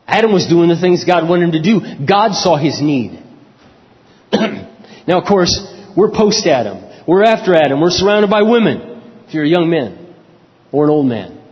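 A middle-aged man preaching a sermon, animated, acting out his own prayers and quotes. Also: a little high, normal speed, pauses often. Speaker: pastor. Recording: dull lo-fi recording in a reverberant hall.

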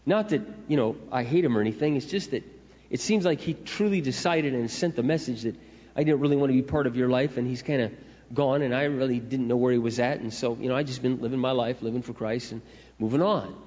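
Middle-aged male pastor, conversational storytelling sermon, mid-pitched, recorded in a reverberant hall. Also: fast, a little mellow. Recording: echoey hall, dull lo-fi sound.

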